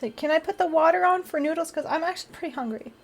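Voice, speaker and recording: A woman's voice: extremely high pitch, fast. A woman streamer chatting casually on a live stream, bubbly, often gasping and laughing as she thanks her viewers.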